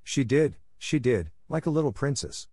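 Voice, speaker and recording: A man's voice: medium pitch, very animated, moderate pace, warm tone, no room sound, pitched above the performer's own voice. A timid, frantic middle-aged spinster, put on by a man reading a storybook, her voice lifted well above his own and trembling at the edges. She pleads and accuses in a dry, close sound. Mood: hysterical.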